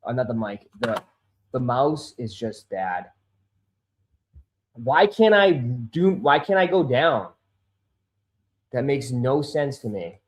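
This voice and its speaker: A man's voice: mid-range voice, big pitch swings, slow pace, long pauses. Frustrated, swearing man streaming live. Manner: swearing, easily frustrated, calls viewers bro and dude; gets loud and insistent when making a point. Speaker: sneaker livestream host. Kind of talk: casual live-stream chat. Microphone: desk microphone.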